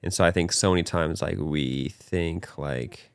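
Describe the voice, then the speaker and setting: Young male podcast host, deep and gravelly, earnest and animated. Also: a little slow, hardly any pauses, no echo, clean studio sound. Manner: earnest, animated, talks with his hands in quoted voices. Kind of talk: casual faith chat.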